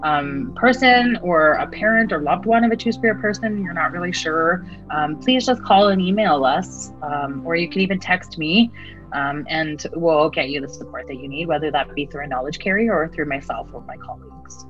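A woman, a guest in an interview, speaking earnestly with many pauses and fillers. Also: low voice, a bit bright. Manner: earnest, many ums and uhs. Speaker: interview guest, Two-Spirit community worker. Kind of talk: heartfelt interview answers. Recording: dull, lo-fi sound with faint music.

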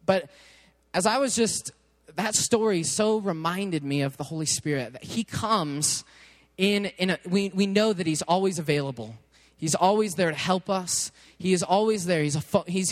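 A man preaching in a chatty, animated storytelling way, often restarting his sentences. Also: sits high. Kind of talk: storytelling sermon. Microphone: headset mic.

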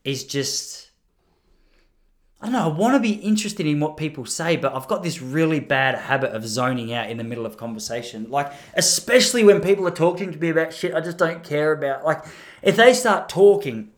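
A man's voice: fairly high pitch, animated, a little fast. A man, a comedian talking in a casual, rambling, self-deprecating monologue.

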